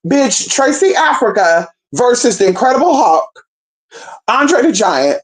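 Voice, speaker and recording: A woman's voice: on the high side, sing-song, a little slow. A brash, profane woman from Northern California telling a gossipy story and talking straight to her viewers. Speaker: storyteller vlogger. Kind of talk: casual storytime chat.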